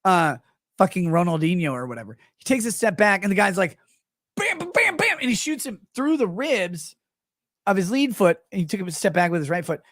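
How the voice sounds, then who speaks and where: A man's voice: high voice, lively intonation, fairly quick, no echo. Sarcastic man, dry studio sound. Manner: sarcastic, mocking, acts out quoted people in put-on voices. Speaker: livestream host. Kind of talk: casual commentary.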